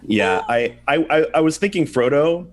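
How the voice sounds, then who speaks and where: A man's voice: a little high, lively intonation, moderate pace. A man hosting a casual group chat, laughing often and rambling with fillers. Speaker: host.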